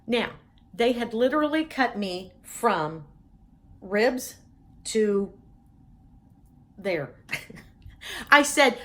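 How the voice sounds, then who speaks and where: A middle-aged woman tells a personal story in a lively, humorous way and breaks into laughter often. Her voice sits at an ordinary pitch for a woman. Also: slow, pauses often.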